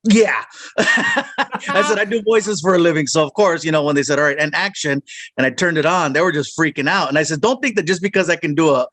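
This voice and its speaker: A man, a comedian and voice actor, telling a story in an interview with animated, joking delivery. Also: on the high side, fast, no echo.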